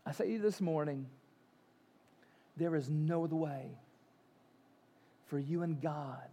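Man, pastor, sermon, high voice, shifts from loud emphasis to quiet slow lines. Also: slightly rough. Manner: storytelling preacher, swings between loud emphatic and soft slow lines.

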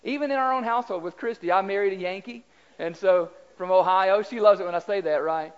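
A man's voice: high voice, fast talker, clear, resonant tone. A man with a Southern US accent preaching a conversational sermon in a church, chatty and folksy, quizzing the congregation and repeating words. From Southern United States. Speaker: pastor. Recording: slightly dull lo-fi sound.

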